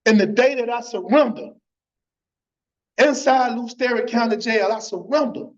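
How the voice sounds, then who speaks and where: A man's voice: extremely high pitch, a little slow. A man giving an impassioned church testimony, repeating phrases and tagging lines with "man". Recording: dull lo-fi church stream.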